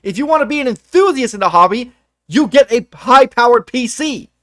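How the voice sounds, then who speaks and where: A young man on a livestream, his voice pitched high and swinging wildly as he rants. He swears freely and bursts out loud now and then. The sound is close and dry. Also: a little fast, dry recording. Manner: animated, profane ranting with sudden loud outbursts. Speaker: livestream co-host. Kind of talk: heated casual chat.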